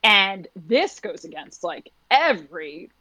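A woman's voice: fairly low pitch, sing-song, slow, pushed and bright, dry recording, low-quality recording. Chatty woman with a dry, close sound. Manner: chatty, acts out little quoted exchanges. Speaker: postpartum doula. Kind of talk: podcast conversation.

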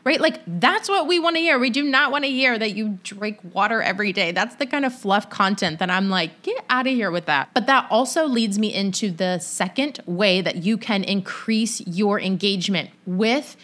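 A young adult woman, a business coach, giving casual solo podcast advice in a chatty, animated storytelling way full of "like". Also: mid-range voice, moderate pace, hardly any pauses.

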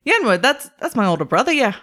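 A woman's voice: fairly high pitch, big pitch swings, fast, a bit bright, voice pushed up. A woman putting on a curt gnome woman, Boston accent. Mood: brusque. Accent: attempted Boston accent. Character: small female gnome, guarded and curt.

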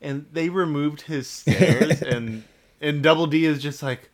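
A young man co-hosting a casual podcast, relaxed and soft-spoken, laughing often. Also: on the high side, a little slow. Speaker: podcast co-host. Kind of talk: casual chat.

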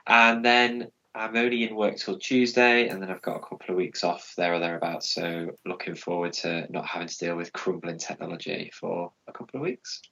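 A man's voice: low voice, level tone, a little fast, gravelly, hardly any pauses, sharp tone, dull audio. A man chatting casually on a podcast, easygoing and laughing along. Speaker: podcast co-host. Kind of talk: casual chat.

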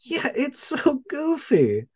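A man's voice: very high-pitched, huge pitch swings, slow pace, a little mellow, dry recording. A man in casual movie-review chat, laughing often and dropping the odd swear. His voice swings up and down with a lot of life. The sound is dry and close, with no room in it. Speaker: podcast co-host.

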